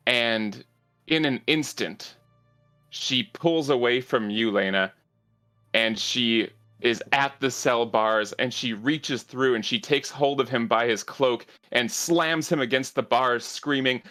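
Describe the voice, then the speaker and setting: A man narrating a tabletop game as game master, measured and halting with fillers. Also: medium pitch, fairly even intonation, sharp tone, faint music behind.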